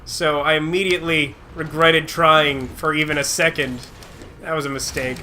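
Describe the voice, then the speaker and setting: A young man chats casually while he plays, rambling and reacting quickly to the game. He sounds a little sick, and his fairly high voice is bright and tense. A faint background hiss runs underneath. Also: flat delivery. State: slightly sick. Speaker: let's play host. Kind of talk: casual gameplay commentary.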